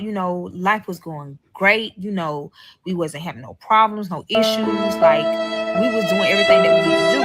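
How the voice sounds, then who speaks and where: A woman with a bright, sharp voice tells a personal story in a profane, casual way. She acts out every quoted line with lively energy. Faint music plays behind her. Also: medium pitch, rough recording.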